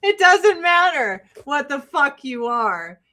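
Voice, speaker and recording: A woman's voice: high-pitched, sing-song, takes it slowly, pushed and bright. A woman from the Joliet area hosting a casual livestream chat with viewers, blunt and jokey, swearing freely. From Joliet, Illinois, USA. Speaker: livestream host and beauty product seller.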